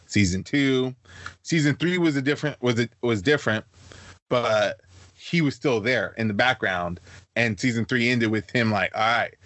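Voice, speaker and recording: A man's voice: lowish voice, a bit bright, no echo. Earnest young man in a dry room. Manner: rambling, lots of "like" fillers, earnest. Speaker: podcast co-host. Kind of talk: casual chat.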